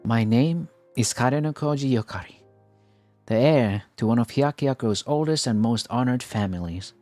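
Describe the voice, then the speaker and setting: A man voicing a poised, dutiful teenage heiress, reading a game monologue slowly in a lowered voice. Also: dark tone, no echo, faint music behind, lightly acted. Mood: solemn.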